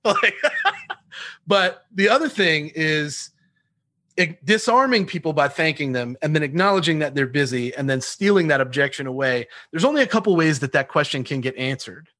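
A man sharing cold-calling tactics in an interview, animated, laughing often and acting out both sides of phone calls. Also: on the high side, moderate pace, no echo, studio quality. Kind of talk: energetic sales talk with acted-out call examples.

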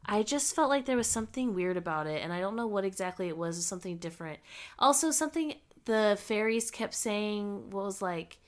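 A woman's voice: animated, a little fast. A woman co-hosting a casual podcast, rambling and giggly as she talks it through. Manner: rambling and giggly, quoting with big jumps up in pitch. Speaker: podcast co-host. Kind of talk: casual chat.

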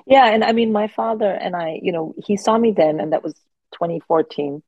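A woman in her forties, a guest comedian telling animated stories in casual podcast chat. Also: mid-range voice, normal speed, breathy edge, no room sound, dull audio. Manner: animated, expressive anecdotes with frequent restarts.

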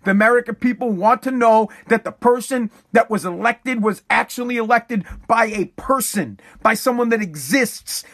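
A man's voice: very high voice, a bit bright, heavily acted. A man acting out a stern, no-nonsense father laying down the house rules, in a blunt and commanding tone.

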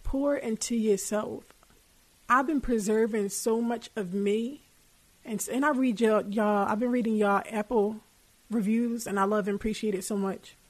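A woman's voice: on the high side, fairly even intonation, moderate pace, a little mellow. A young woman hosting a podcast, giving casual, candid advice with plenty of swearing and colloquial speech. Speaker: podcast host.

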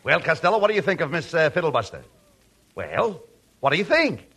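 A bossy, gravelly straight man. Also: a little high, huge pitch swings, fairly quick, full character voice. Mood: exasperated. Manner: bossy, exasperated. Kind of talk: 1940s radio comedy. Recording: noisy old radio transcription.

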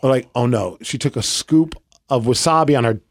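A man's voice: medium pitch, fairly quick, no echo, studio quality. A man in his thirties co-hosting a podcast, telling stories in a rambling casual way with lots of fillers. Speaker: podcast co-host. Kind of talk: casual chat.

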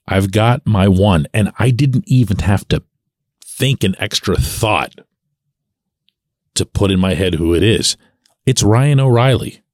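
Man, low voice, dry close sound, sardonic solo podcast host, lively opinion talk. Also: no room sound. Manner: sardonic, animated, drops to mutters and asides. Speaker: podcast host and sports columnist.

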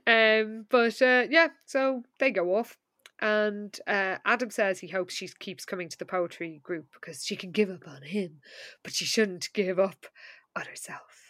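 A woman's voice: mid-range voice, fairly bright tone, no room sound, studio quality. A woman co-hosting a podcast, recapping a book in casual chat with wry asides and laughter. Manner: wry, laughing, recounts scenes with quick quoted asides. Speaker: podcast co-host.

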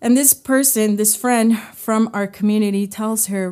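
A woman gives a heartfelt devotional teaching as a podcast host. She talks slowly at a mid pitch, lingering over her words with the odd filler. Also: fairly even intonation, darkish tone, smooth. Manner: earnest, heartfelt; unhurried, with fillers.

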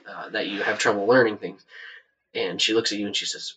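Soft-spoken man narrating a tabletop game. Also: lowish voice, steady tone, brisk, far from the mic, low-quality recording. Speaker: game master. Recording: voice set back from the mic.

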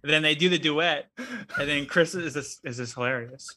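A man co-hosting a casual podcast, retelling funny moments in an animated way. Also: on the high side, moderate pace. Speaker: podcast co-host. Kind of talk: casual chat.

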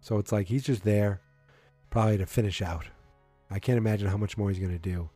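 A man hosts his podcast in a loose, rambling way, full of fillers and restarts. His tone is dark and mellow. The sound is dry and close, with faint music underneath. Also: on the low side, fairly even intonation, a little fast, husky, no echo. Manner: rambling, self-correcting, filler-heavy. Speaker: podcast host. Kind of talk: casual solo podcast chat.

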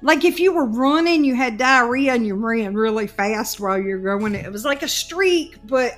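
Animated woman telling a story. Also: fairly high pitch, normal speed, faint music behind. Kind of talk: casual storytelling chat.

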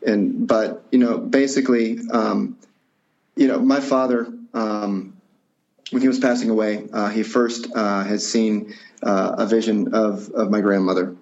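A man telling a personal story in conversation, halting and reflective with many fillers and restarts. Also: lowish voice, steady tone, darkish tone. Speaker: guest. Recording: dull lo-fi recording.

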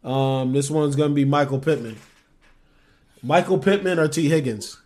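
A young man co-hosting a casual sports podcast, talking quick and animated, often trailing off and restarting. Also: on the high side. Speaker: podcast co-host.

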